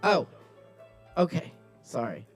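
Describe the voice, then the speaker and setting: A man's voice: fairly high pitch, very animated, slow, faint music behind. A man hosting a live open mic at a kava bar, loose and joking, swearing casually as he calls up performers.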